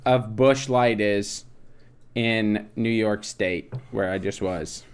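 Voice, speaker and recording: A man's voice: lowish voice, takes it slowly, clean tone. A man co-hosting a podcast, telling stories in crude, joking chat. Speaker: podcast co-host. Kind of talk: casual chat.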